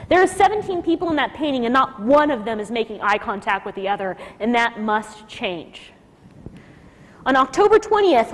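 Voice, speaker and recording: A woman's voice: high voice, a little hiss or hum. A woman telling a personal story to an audience, emotional, acting out the people she quotes. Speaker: speaker at a nursing school talk. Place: lecture hall. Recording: lecture hall with long reverb.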